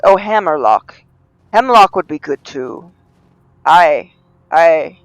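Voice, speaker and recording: Slow, rambling woman streamer. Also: deep voice, animated, dry recording, rough recording. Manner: rambling, self-mocking, bursts into panicked yelling. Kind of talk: live gameplay commentary.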